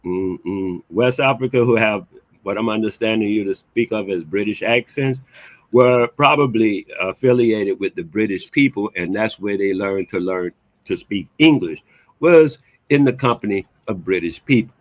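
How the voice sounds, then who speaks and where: A man explaining his view patiently on a livestream panel, measured and a little lecturing. His voice sits somewhat low and is recorded close and dry. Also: no echo. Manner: measured, lecturing, checks understanding. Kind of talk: calm explanatory talk.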